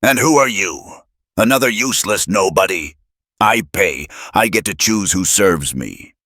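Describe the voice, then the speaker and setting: A man's voice: low-pitched, expressive, normal speed, dry recording, clean studio sound. A man voicing an arrogant male customer who barks and sneers with contempt. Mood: sneering. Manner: sneering, barking.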